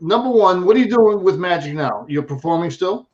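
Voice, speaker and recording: A man's voice: sits high, animated, a little fast, a little mellow. Host guy ribbing his guest to wrap it up, muffled lo-fi sound. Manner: joking, hurrying the guest along. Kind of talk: casual interview hosting. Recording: dull lo-fi audio.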